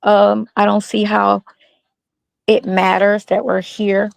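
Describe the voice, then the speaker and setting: Woman caller, gravelly and hesitant, dry choppy phone audio. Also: medium pitch, flat delivery, slow, no echo. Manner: hesitant, many fillers and restarts. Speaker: guest on a live stream call. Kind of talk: casual phone-in chat. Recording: dry phone line cutting in and out.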